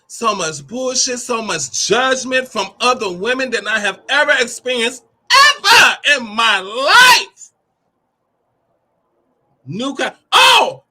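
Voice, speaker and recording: Trans woman hosting a motivation show, swings her pitch all over, bright sharp tone, calls everyone honey. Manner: animated, brassy, curses freely, calls listeners honey and baby. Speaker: host of a motivational talk show. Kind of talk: sassy motivational talk.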